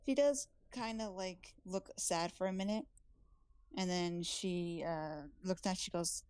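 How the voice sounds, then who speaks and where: A woman with a somewhat low voice talks through her character's moves in a tabletop game. Her tone is easygoing and chatty. The recording is dry and close, with no room sound. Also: measured pace, a little mellow, clean tone, dry recording. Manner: casual, narrates her character's actions. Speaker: player. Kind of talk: tabletop role-play narration.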